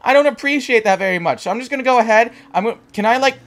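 A man's voice: extremely high pitch, rapid-fire, few pauses, a bit bright. A young man giving rambling, chatty let's play commentary as a gaming channel host, talking back to the game's characters and reacting to scares. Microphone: desk microphone with facecam.

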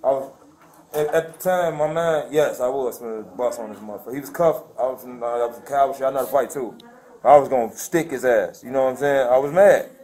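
A man's voice: mid-range voice, fast, warm tone. A man from Chicago telling, agitated and profane, how he was arrested and beaten. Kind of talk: casual talk in custody.

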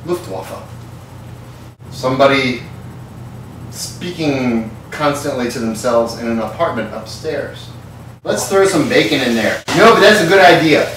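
A man's voice: medium pitch, fairly bright tone. A man rambles and curses his way through a comic home cooking show, tipsy and loose. He sounds set back from the mic, with a strong echo off the hard kitchen walls and a faint hiss underneath. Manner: rambling, profane, tipsy banter while cooking. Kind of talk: comedic cooking vlog. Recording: very echoey kitchen, far from mic.

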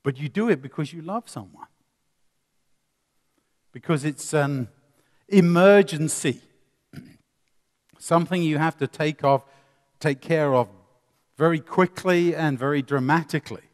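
A man preaching a sermon, swinging between loud emphasis and quiet asides, with many rhetorical questions. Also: a little high, measured pace, pauses often. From England. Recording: long reverb of a hall.

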